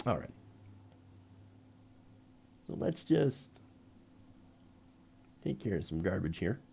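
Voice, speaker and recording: A man's voice: sits low, sing-song, slow pace, vocal fry, mellow, breathy edge. A man hosting a live political commentary show, speaking sarcastically and emphatically with frequent laughs. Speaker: host.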